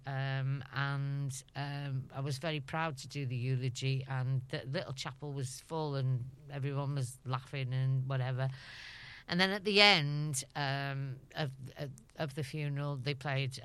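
A middle-aged actress with a Liverpool accent chats as an interview guest, telling anecdotes and laughing often. Her voice is very deep yet a bit bright, and smooth.

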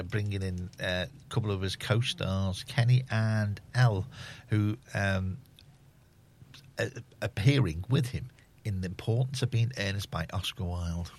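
A man's voice: on the low side, slight background noise. A man presenting a community radio show in a studio, chatting in an easygoing, rambling way and reading out newspaper headlines. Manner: easygoing, rambling, self-deprecating, many fillers. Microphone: studio microphone.

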